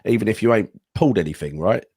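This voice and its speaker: A man's voice: on the low side, fast, husky, no echo, studio quality. A man co-hosting a football podcast, chatting casually and bluntly with lots of questions. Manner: animated, questioning, blokey. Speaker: podcast co-host.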